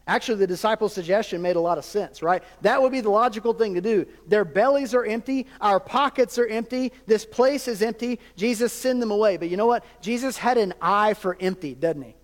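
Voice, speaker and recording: A man's voice: sits high, animated, fairly quick. A man preaching a sermon as a pastor, conversational with jokes and asides to the congregation. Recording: long hall reverb.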